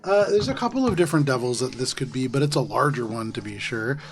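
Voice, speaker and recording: Gravelly-voiced man running a tabletop game. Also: mid-range voice, quick pace. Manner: relaxed descriptive narration with fillers. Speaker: dungeon master.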